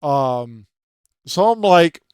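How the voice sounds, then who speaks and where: A man's voice: fairly high pitch, sing-song, drawn-out words, clear, resonant tone, no room sound, studio quality. A man hosting his own channel, ranting about a video game in a profane, rambling way full of filler words, trying to keep his voice down late at night. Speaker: channel host.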